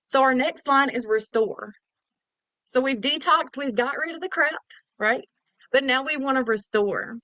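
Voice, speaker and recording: A woman's voice: on the high side, fairly bright tone, no echo. A woman giving a chatty, casual product overview as a wellness promoter. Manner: chatty, salesy, casual slang.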